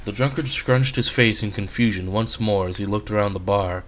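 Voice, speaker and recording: A man reading aloud his own short story, in a relaxed, conversational storytelling manner. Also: lowish voice, moderate pace, a little hiss or hum.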